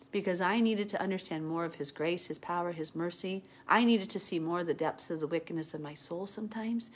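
A woman reading scripture aloud and commenting on it in an earnest, heartfelt, conversational way. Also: fairly low pitch. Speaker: Bible teacher.

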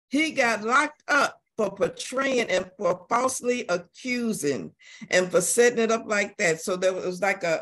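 A woman teaching an adult Sunday school class, telling a story in a lively way with many repeated words. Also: on the high side.

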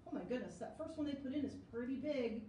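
Lady librarian doing storytime, high bouncy voice, echoey room, kinda far from the mic. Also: quick pace, slight background noise. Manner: animated, sing-song read-aloud with sound effects. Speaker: children's librarian. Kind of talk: reading a picture book aloud to kids.

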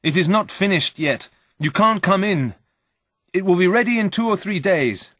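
A man's voice: fairly even intonation, normal speed, breathy edge, no room sound, studio quality, lightly acted. A man reading a story and voicing a frightened young scientist who cries out in panic. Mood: panicked. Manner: cries out in high-pitched panic.

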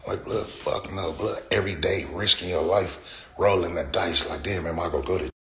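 A man's voice: sits low, fairly even intonation, moderate pace, sharp tone. A man in his forties ranting profanely on a livestream, talking back to comments from his chat. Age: 40s. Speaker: livestream host. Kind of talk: casual livestream rant. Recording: echoey room with faint ambient noise.

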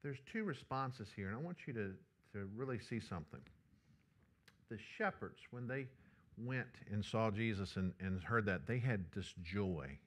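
A male pastor, preaching a sermon and telling a personal story in a lively, conversational way. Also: on the low side, unhurried.

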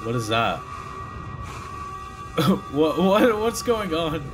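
Excitable gamer with a swooping voice. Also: mid-range voice, extremely slow. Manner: excitable, laughing, swearing, yelping when startled. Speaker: gaming video host. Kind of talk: casual gameplay commentary. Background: background music.

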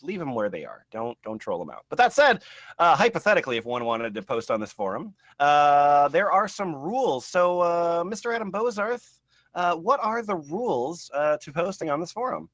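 A man's voice: on the high side, sing-song, normal speed, fairly bright tone, no echo, studio quality. A young man hosting a comedy podcast marathon, rambling with lots of fillers and frequent laughter. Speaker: podcast host. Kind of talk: comedy podcast livestream chat.

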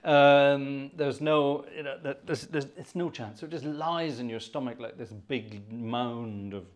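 A man's voice: medium pitch, unhurried. A man hosting an organ music livestream, chatting in a rambling, self-mocking way between pieces and a bit out of breath. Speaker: host. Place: home room with a digital organ.

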